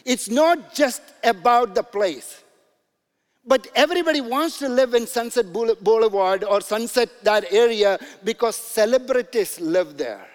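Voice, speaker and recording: High-voiced pastor in a reverberant hall. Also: male voice, animated, a little slow. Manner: conversational, filler-heavy storytelling with chuckles. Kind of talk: sermon.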